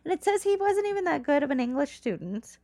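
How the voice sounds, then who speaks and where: A woman's voice: high-pitched, big pitch swings, fast, dark tone, dry recording, clean studio sound. A woman from California, co-hosting a podcast in casual, giggly chat that trails off with fillers. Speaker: podcast co-host.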